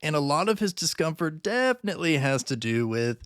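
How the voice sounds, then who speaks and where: Smooth-voiced man doing film commentary. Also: fairly high pitch, brisk, dry recording, soft background music. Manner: relaxed, filler-heavy with "kind of" and "like". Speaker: film reviewer YouTuber. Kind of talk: casual commentary.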